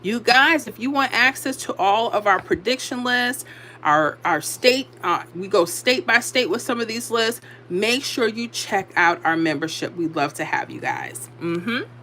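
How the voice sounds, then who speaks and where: A woman's voice: medium pitch, lively intonation, a little slow, bright, forceful tone, slight background noise. A tired woman hosting a casual livestream, chatting and reading out viewer comments. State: tired from little sleep. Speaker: livestream host giving lottery predictions.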